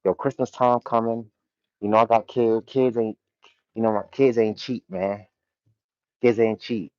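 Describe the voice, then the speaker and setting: A man's voice: fairly low pitch, steady tone, unhurried, darkish tone, no room sound, dull audio. A man hosting a casual livestream, talking in loose, slang-heavy commentary and reading chat from a warehouse. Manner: loose, laid-back slang-heavy commentary with frequent laughs. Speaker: livestream host.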